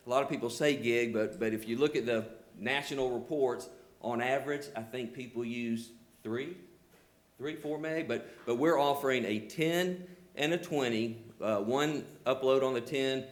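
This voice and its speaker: An older man with a rural Southern accent, presenting his company at a public hearing and taking questions, earnest, with lots of "you know" fillers. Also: medium pitch. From Georgia, US. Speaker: telecom company representative presenting.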